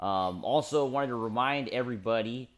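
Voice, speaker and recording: A man with a mid-pitched, ordinary voice co-hosting a sports talk show. He speaks in an easygoing, agreeable way, often pausing on fillers. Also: a bit bright. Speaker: podcast co-host. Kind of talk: casual sports chat.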